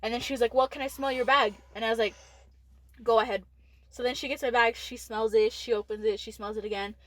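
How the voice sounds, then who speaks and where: A woman's voice: on the high side, steady tone, fast, a bit bright, no room sound. Chatty teen woman telling a story. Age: teens. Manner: candid, swears freely, many "like" fillers. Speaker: podcast co-host. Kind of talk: casual storytelling chat.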